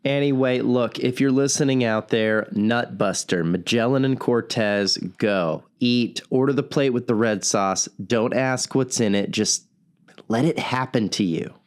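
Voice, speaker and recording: A man's voice: medium pitch, unhurried, natural voice. A man playing a broke, lonely radio host who jokes wryly at his own expense during a comedic call-in show. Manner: self-deprecating, wry. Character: broke, self-pitying single male radio host.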